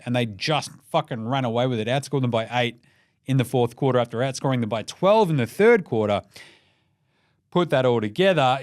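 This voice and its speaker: A young man with an Australian accent hosting a casual basketball recap, sweary and excitable, rambling between scores and jokes. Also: mid-range voice, no echo, clean studio sound. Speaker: NBA recap podcast host.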